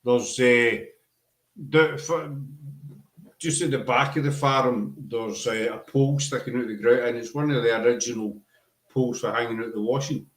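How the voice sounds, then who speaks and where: A man's voice: medium pitch, normal speed. A man with a Scottish accent hosting a casual podcast chat, rambling and self-deprecating, often restarting his sentences. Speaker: podcast host. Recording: echoey room.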